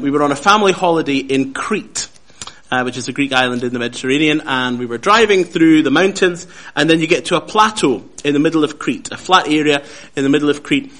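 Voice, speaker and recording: A man preaching a Bible study, measured and lively, who often repeats his key phrases for emphasis. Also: a little high. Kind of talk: sermon.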